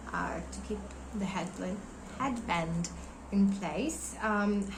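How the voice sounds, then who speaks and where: Young woman, casual vlog chat, losing her voice, rambling, faint room hum behind. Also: medium pitch. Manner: chatty, rambling, searches for names, laughs often. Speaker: doll collector vlogger. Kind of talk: casual show-and-tell vlog.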